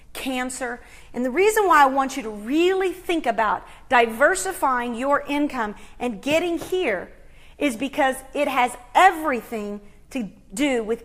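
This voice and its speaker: A middle-aged woman hosting a motivational talk, telling a story with dramatic swings from hushed to loud. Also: a little high. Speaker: host.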